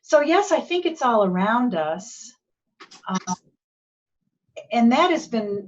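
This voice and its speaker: Woman, gentle storytelling, unhurried, heard from back from the mic, muffled sound. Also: medium pitch, recorded from a distance. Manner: gentle, unhurried, acts out quoted dialogue. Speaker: guest speaker. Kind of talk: reflective storytelling.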